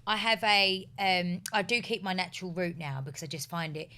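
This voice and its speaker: Young woman, podcast co-host, bright tone, relaxed giggly chat. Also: lowish voice, brisk. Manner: chatty, giggly, loose and informal. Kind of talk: casual chat.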